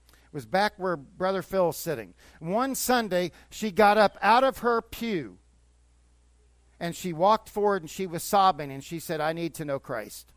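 Older male pastor, high-pitched, dry close recording; conversational sermon that builds to fervent exhortation. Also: fairly bright tone, no echo. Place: church.

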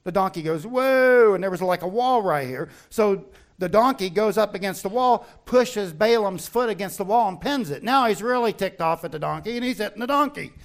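A man preaching a sermon, retelling a Bible story in an animated way and acting out the characters' lines. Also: high voice, a little fast. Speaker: pastor.

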